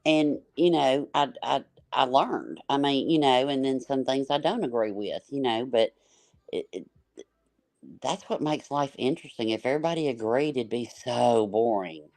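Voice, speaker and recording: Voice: mid-range voice, normal speed, a little mellow, dry recording. A panel guest talks in a loose, rambling way, stumbling over restarts and piling up fillers. The voice sits mid-range, and the sound is dry and close with no room to it. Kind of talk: casual livestream chat.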